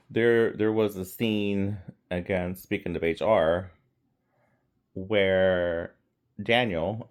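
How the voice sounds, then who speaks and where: Slow, deep-voiced man reviewing a movie. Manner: rambling, laid-back, many fillers and laughs. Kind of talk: casual film review vlog.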